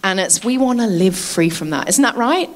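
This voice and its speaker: A woman's voice: medium pitch, expressive, moderate pace. A woman preaching a sermon in a chatty way, laughing often and asking her listeners to agree.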